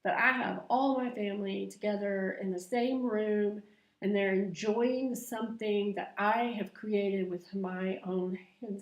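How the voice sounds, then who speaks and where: A middle-aged woman with a mid-range, fairly even voice talks a little slowly in a lo-fi recording. She chats to camera in a confessional home vlog, laughing often, in an echoey room.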